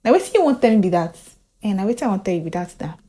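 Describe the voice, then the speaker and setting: A Nigerian woman voicing a calm wife who speaks softly and reassuringly. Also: mid-range voice, very fast. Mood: soothing. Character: calm, soothing young wife.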